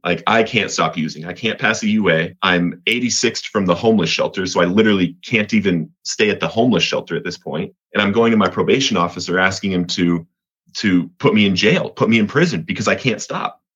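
Man from Colorado, earnest testimony, low husky voice, lo-fi sound. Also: brisk, a bit bright. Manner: earnest, repeats words, voice rises when reliving moments. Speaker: guest telling his recovery story. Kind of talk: personal testimony in an interview.

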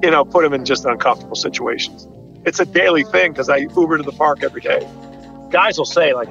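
A man's voice: a little high, fast talker, gravelly, a bit bright, lo-fi sound, faint music behind. A middle-aged man, a baseball coach, telling a playful prank anecdote in a wry tone. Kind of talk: anecdote in interview.

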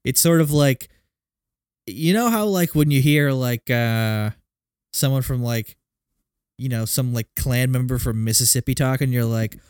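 A man's voice: medium pitch, unhurried, a little mellow, clear, resonant tone, no room sound, studio quality. A man co-hosting a casual movie podcast, rambling with plenty of filler words. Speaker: podcast co-host. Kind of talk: casual movie-review chat.

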